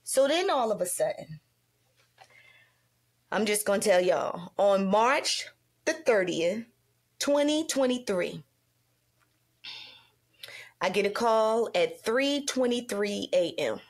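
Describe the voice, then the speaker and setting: Middle-aged woman host, lively storyteller, jumps high when quoting others. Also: takes it slowly, pauses often. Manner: animated, acts out quoted dialogue with big pitch jumps. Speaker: podcast host. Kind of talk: casual storytelling conversation.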